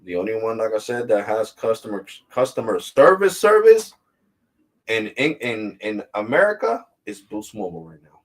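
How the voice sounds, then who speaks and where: A man with a low voice talks straight into the camera as a tech vlog host. He rants bluntly and casually, peppering his talk with street slang. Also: very animated, normal speed.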